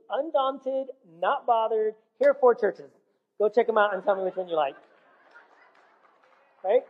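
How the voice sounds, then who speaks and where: A man preaching a sermon, telling his own story earnestly to the congregation. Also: high-pitched. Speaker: pastor. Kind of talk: sermon with personal testimony. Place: church hall. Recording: tinny phone-like sound with long hall reverb.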